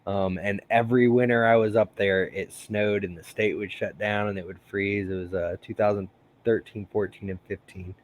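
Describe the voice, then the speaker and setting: Low-voiced man hosting a casual stream. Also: steady tone, moderate pace. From United States. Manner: rambling, laughs often, many fillers. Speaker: host. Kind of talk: casual live-stream chat.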